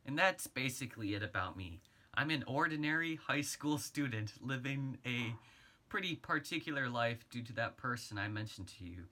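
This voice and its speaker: A man's voice: mid-range voice, expressive, moderate pace, bright, forceful tone. Chatty teen boy gamer, read by a man. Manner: talks straight to the listener, chatty. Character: sixteen-year-old boy gamer, chatty and earnest. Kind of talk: first-person storytelling reading.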